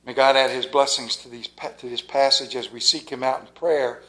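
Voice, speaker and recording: A man's voice: medium pitch, fairly even intonation, normal speed, few pauses, fairly bright tone, low-quality recording. A male pastor preaching a Sunday sermon in church, telling a folksy story and praying earnestly. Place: church service.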